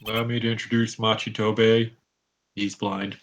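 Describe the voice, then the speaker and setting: A polite, stiff male manager and interpreter from a game addresses his hosts formally, as a man reads him in a fan playthrough. His voice sits at a middle pitch, with faint noise behind it. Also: little pitch movement, moderate pace, close to an everyday voice.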